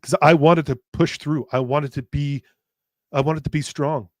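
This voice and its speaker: A man's voice: fairly high pitch, fairly even intonation, moderate pace, dry recording, studio quality. A man hosting a podcast who speaks candidly and emotionally, stumbling over restarts and repeated words, swearing bluntly now and then, and addressing his listeners directly. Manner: earnest, speaking straight to listeners. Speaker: podcast host. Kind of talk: candid personal podcast monologue.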